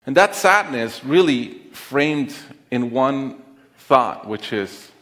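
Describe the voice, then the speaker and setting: A middle-aged man telling a personal story on stage, with an earnest, deliberate, heartfelt delivery and pauses. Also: mid-range voice, lively intonation, a bit bright. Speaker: conference speaker. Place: stage in a large auditorium. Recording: long reverb of a large auditorium.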